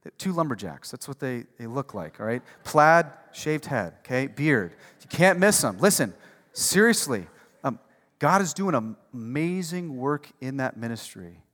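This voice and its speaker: A male pastor preaching a conversational sermon, swinging between hushed, intimate stretches and loud, fired-up passages. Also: medium pitch, big pitch swings, measured pace. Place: church sanctuary. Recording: long reverb of a large hall.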